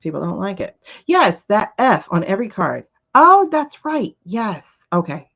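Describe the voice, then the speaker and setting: A woman's voice: on the low side, animated, normal speed, vocal fry, slightly rough, lo-fi sound. A middle-aged woman hosting a tarot livestream, talking in a rambling, chatty way and answering viewer comments. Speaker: tarot reader and livestream host. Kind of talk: casual livestream chat.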